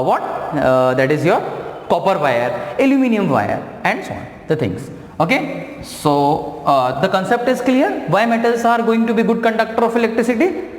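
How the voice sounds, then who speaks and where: A man teaching a science lesson, explaining slowly and repeating key phrases. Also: high voice. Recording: echoey room with long reverb.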